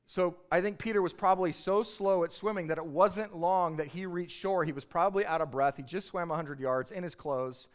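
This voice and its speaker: A man preaching a sermon in a conversational, animated storytelling way. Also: sits high, a little fast, hardly any pauses. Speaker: pastor.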